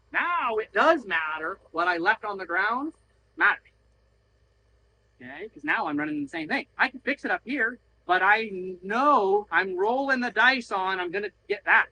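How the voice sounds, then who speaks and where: A man's voice: sits high, sharp tone, a little hiss or hum, low-quality recording. A man working as a horse trainer, coaching bluntly while riding, swearing freely and acting out little voices to make his point. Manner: blunt, profane, acts out voices to explain. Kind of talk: coaching during a training session.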